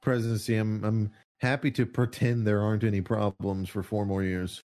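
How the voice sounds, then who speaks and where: A man's voice: on the low side, flat delivery, moderate pace, darkish tone. A man ranting in casual political commentary, sarcastic and mocking, swearing often and laughing often.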